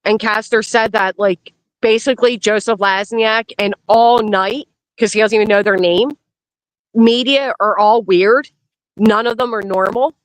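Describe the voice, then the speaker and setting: A woman's voice: medium pitch, steady tone, measured pace, dry recording, rough recording. A woman from Pennsylvania giving blunt, emphatic commentary on a casual live stream. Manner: blunt, emphatic, repeats warnings.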